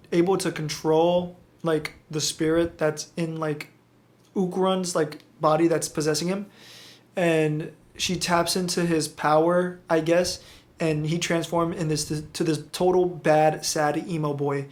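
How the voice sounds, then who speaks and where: A man casually recapping an anime episode, rambling with lots of fillers, swearing and correcting himself as he goes. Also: fairly high pitch.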